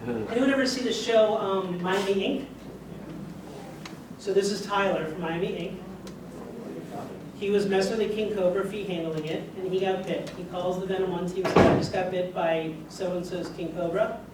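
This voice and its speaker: A man's voice: sits high, fairly even intonation, moderate pace, long pauses. A man who is a doctor giving a conversational lecture to a live audience, asking them questions as he goes. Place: lecture room. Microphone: far room mic. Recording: echoey room, distant mic, background noise.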